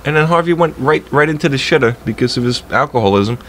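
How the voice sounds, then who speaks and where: A man streaming a game rants in a loose, casual way and swears constantly. His voice drops into low, muttering complaints and then jumps up sharply into exasperated, louder bursts. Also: quick pace, slight background noise. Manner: heated, profane, swings from low grumbling to loud high outbursts. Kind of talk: casual ranting chat while streaming.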